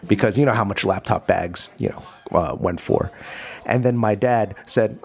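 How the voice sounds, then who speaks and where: Animated storytelling man, casual chat. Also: fairly low pitch, normal speed, vocal fry, breathy edge. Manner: animated, lots of restarts, acts out voices.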